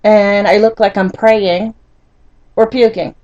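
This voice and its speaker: An older woman recounts a painful personal story for her vlog, speaking slowly and haltingly, with many fillers and restarts. She sounds frustrated and close to tears throughout. The recording is dry and a little dull, like a simple home setup. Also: medium pitch, fairly even intonation, darkish tone, no room sound. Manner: emotional, frustrated, often near tears. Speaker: vlogger.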